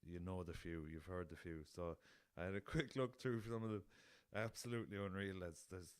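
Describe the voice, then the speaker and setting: A man's voice: sits low, fairly even intonation, a little fast, smooth, dry recording. A young Irish man hosting a solo podcast in a casual, rambling way, laughing at his own jokes and swearing freely. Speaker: podcast host.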